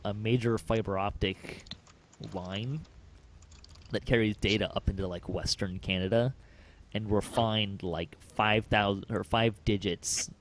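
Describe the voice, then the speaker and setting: Low-voiced man telling a rambling story. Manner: rambling, chuckling storyteller with many fillers. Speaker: podcast host. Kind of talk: casual chat.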